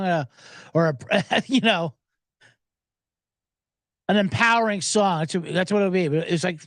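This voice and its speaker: A man's voice: fairly high pitch, sing-song, normal speed, fairly bright tone, no room sound, studio quality. A man hosting a sports betting podcast, riffing sarcastically and profanely while reading viewer comments aloud.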